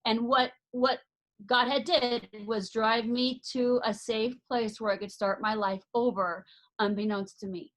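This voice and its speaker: A woman's voice: a little high, steady tone, unhurried. A woman, an author and life coach, telling a personal story as a podcast guest, earnest and emphatic, often restarting her sentences.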